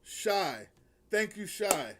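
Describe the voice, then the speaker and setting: A man with a fairly high voice co-hosts a casual online show. He talks in an animated way and laughs often as he weighs up a rap battle and greets viewers. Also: drawn-out words, a crowd in the background. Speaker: co-host reviewing rap battles. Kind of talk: casual chat.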